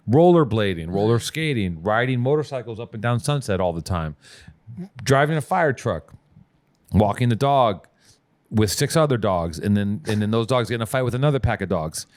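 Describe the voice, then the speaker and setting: Brash, lively podcast host man. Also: medium pitch, no room sound. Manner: brash and profane, riffing jokes. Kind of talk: casual podcast ad read.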